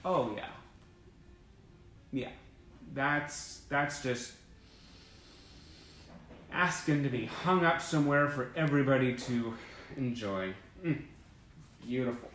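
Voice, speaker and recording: A man's voice: medium pitch, takes it slowly, pauses often, a bit bright, a little hiss or hum. Gushing male livestream host, echoey room. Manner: enthusiastic, rambling, gushing, greeting viewers by name. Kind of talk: casual livestream chat reading old press clippings. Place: indoor room with sunlight through a window. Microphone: webcam or phone livestream.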